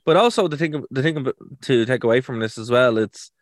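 A man's voice: mid-range voice, lively intonation, brisk, dry recording. A man co-hosting a podcast, chatting casually with a joking, self-mocking manner. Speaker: podcast co-host. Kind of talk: casual chat.

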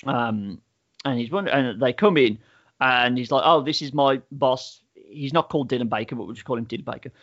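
A man's voice: medium pitch, lively intonation, fairly quick, muffled recording. A man in casual chat, recapping and reviewing a TV show in a rambling way, full of "like" fillers and swearing. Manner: rambling storyteller, many "like" fillers, swears freely.

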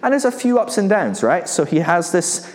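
A man's voice: sits high, sing-song, moderate pace. Guy giving a laid back sermon, asks the crowd lots of questions, chuckles, big echoey hall. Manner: conversational, rhetorical questions, chuckles. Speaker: preacher. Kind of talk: casual sermon. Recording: long hall reverb.

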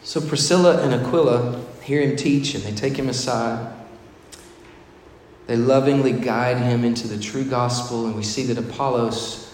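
A man preaching a sermon as pastor. He moves between emphatic preaching and soft, personal storytelling. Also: medium pitch, fairly even intonation, moderate pace, slight background noise. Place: church sanctuary. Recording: echoey hall, faint ambience.

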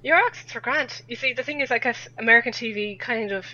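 Podcast guest: woman with a West of Ireland accent, chatty and rambling, bright tone, dull lo-fi sound with faint hum. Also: on the high side, fast. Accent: West of Ireland, Sligo. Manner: chatty, rambling, laughs often. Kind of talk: casual podcast chat.

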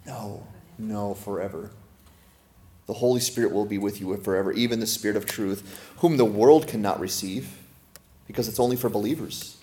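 A male pastor giving a sermon in a conversational style, asking the congregation questions, slowing down and softening to read scripture, and joking with laughter in between. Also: fairly low pitch, slight background noise. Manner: slows and softens when reading scripture aloud.

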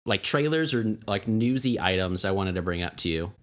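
Man, low voice, very lively pitch, rambling casual podcast chat. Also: moderate pace, slight background noise. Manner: rambling, animated, joking. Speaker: podcast co-host.

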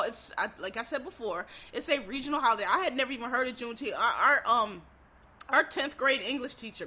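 A woman's voice: on the high side, sharp tone. A woman from Philadelphia in a casual, profane monologue, ranting bluntly as a podcast host.

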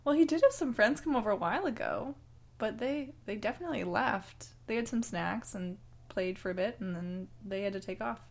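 A woman's voice: medium pitch, lively intonation, brisk, creaky. A woman playing a mom in an improv comedy scene, answering in a dry matter-of-fact way.

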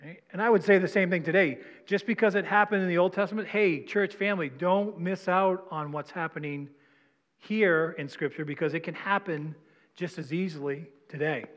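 In a church sanctuary with long hall reverb, a pastor preaches conversationally and asks the congregation questions. His voice is high-pitched and a bit bright, at normal speed, and the recording has its highs cut off.

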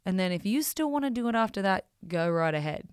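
Woman doing her dad, blunt and lecturing, smooth voice, dry close sound. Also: mid-range voice, sing-song, fast, no room sound, close to an everyday voice. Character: blunt, protective middle-aged father giving advice.

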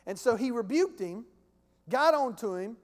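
A man's voice: very high-pitched, expressive, moderate pace. A man preaching a sermon as pastor, impassioned and calling out to his congregation. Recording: long hall reverb.

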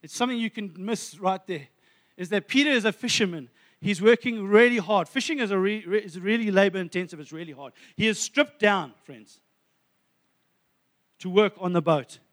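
This man's voice is high and a bit bright, moving at a moderate pace as he preaches a sermon and retells a story. Frequently calling his audience friends, he stumbles through numerous restarts.

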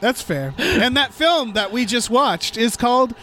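A man co-hosting a podcast, chatting casually about a film with halting fillers. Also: extremely high pitch, big pitch swings, bright, forceful tone, slight background noise. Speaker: podcast co-host. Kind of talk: casual chat.

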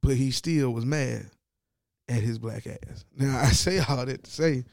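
A man giving a casual, profane sports commentary rant, animated and mocking as he talks. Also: medium pitch, a little slow, creaky, no echo, studio quality.

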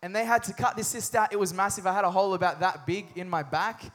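A man's voice: high-pitched, fairly even intonation, fast talker, fairly bright tone. A young adult man preaching a sermon with energy and humor, often calling for responses from the congregation. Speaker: pastor.

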